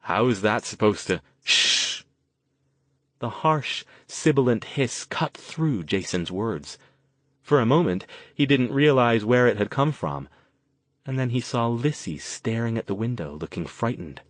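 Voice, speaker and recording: A man reading an audiobook novel aloud in an even, measured way. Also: mid-range voice, no echo. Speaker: audiobook narrator. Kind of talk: scripted narration.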